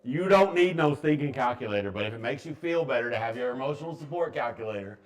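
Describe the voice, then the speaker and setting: A man's voice: medium pitch, lively intonation, fast. A man teaching a math class to students, talking in a joking, offhand way.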